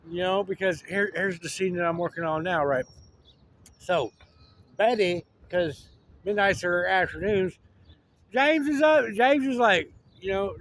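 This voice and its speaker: A man's voice: high voice, slight background noise. A man rambling through a casual monologue, slangy, with lots of restarts. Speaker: vlogger.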